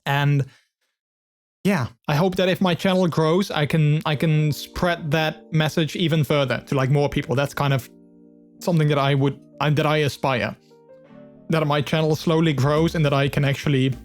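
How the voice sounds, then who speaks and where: A man's voice: fairly high pitch, fairly even intonation, normal speed, soft background music. A man streaming live, chatting with his viewers in a rambling, earnest way full of fillers. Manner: open and earnest. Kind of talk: casual live-stream chat.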